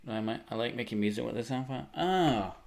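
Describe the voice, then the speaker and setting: A man's voice: medium pitch, expressive, fast talker, creaky. A man chatting casually with his live stream chat while gaming, joking and sarcastic.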